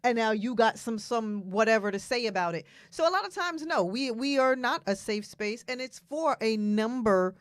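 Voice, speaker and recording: A woman's voice: a little high, expressive, normal speed, few pauses, dry recording. A woman co-hosting a casual talk show, speaking frankly, often laughing and acting out quotes. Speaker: co-host.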